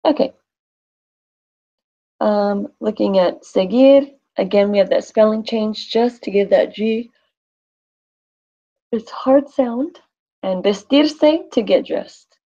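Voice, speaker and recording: A woman's voice: medium pitch, takes it slowly, long pauses, mellow, dull audio. A woman teaching a Spanish class in a classroom, thinking aloud and quizzing her students.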